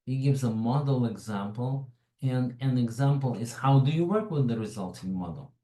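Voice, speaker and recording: A man's voice: mid-range voice, expressive, moderate pace, dark tone, roomy sound, rough recording. A man with a foreign accent presenting a tech webinar in a chatty, digressive way, with frequent asides. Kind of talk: informal tech webinar talk.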